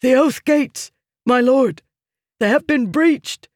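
A man voicing a wounded, panicked young soldier who shouts his alarm in an audiobook reading. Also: very high voice, slow pace, no echo, studio quality, voice pushed up. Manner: shouting, desperate.

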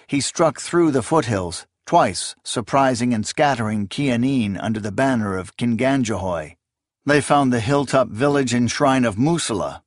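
A man reading a fantasy novel aloud as narrator, in a measured, steady storytelling delivery. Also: medium pitch, no echo, studio quality. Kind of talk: scripted audiobook narration.

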